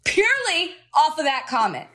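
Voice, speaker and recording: A woman's voice: high voice, very animated, moderate pace, a bit bright. A woman co-hosting a podcast, speaking bluntly and outspokenly in casual chat. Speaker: podcast co-host.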